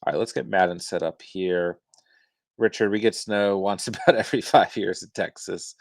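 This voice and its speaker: A young man hosting a live stream replies to viewer chat in a relaxed, easygoing manner at a moderate pace. His voice is very low and gravelly, recorded close and dry with no room sound.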